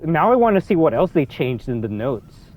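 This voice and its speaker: A young man giving excitable, rambling commentary over a game, swinging between low mutters and loud outbursts. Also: normal speed. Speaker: gaming youtuber. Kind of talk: ranting gameplay commentary.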